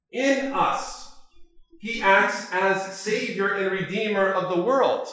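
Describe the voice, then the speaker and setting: A man preaching a sermon as an Orthodox priest, measured and full of rhetorical questions. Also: high-pitched, pushed and bright. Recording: very echoey church.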